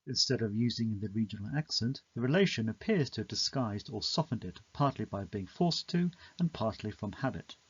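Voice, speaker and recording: A man reading a scripted, measured explanation of a poem in an educational narration. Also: on the low side, lively intonation, slightly rough, no room sound, lo-fi sound.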